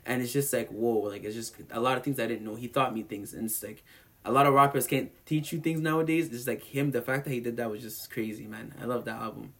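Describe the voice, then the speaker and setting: A man chats loosely about music, tumbling from one thought to the next. He is animated and rambling, with slang and fillers all through. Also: mid-range voice, fast. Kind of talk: casual chat about music.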